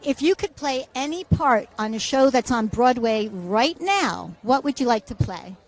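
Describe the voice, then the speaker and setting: High-pitched lady doing chatty red carpet interviews, friendly and encouraging. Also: animated, unhurried. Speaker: event interviewer. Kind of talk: casual red-carpet chat.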